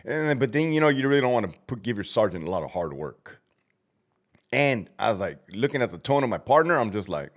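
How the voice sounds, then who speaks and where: Man in his thirties, low voice that swings widely, profane casual storyteller who barks out commands mid-story. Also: big pitch swings, fairly quick. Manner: profane, blunt, laughs at himself, acts out shouted commands. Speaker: former prison officer telling stories.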